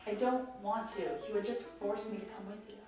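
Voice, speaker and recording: A sullen young son who stubbornly refuses to take part, played by a woman. The voice sits in a middle pitch and sounds distant in a very echoey room. Clear music plays behind it. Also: steady tone, brisk, natural voice. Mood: defiant.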